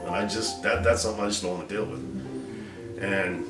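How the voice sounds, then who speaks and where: A man's voice: fairly low pitch, steady tone, a little fast, far from the mic. A middle-aged man telling the story of his marriage in a casual interview, acting out the quotes with bursts of laughter. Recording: echoey room from afar with music.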